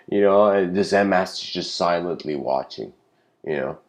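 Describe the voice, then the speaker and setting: A man with a very low voice gives a casual spiritual lecture. He tells his story loosely, wandering off, fixing his own slips and filling the gaps with "you know" and "like.". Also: fairly even intonation, normal speed. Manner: rambling, self-correcting, many fillers.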